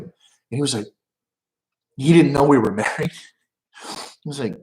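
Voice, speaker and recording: A man's voice: mid-range voice, unhurried, pauses often, echoey room. A middle-aged man casually telling rambling stories at home, profane and loose, laughing at his own jokes. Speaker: live streamer.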